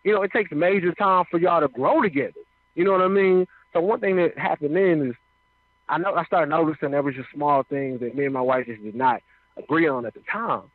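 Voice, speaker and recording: A man's voice: a little high, brisk, no room sound. A man telling his life story in a casual, conversational way, often asking "you know what I mean". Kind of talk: casual personal testimony. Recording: dry, phone-like radio sound.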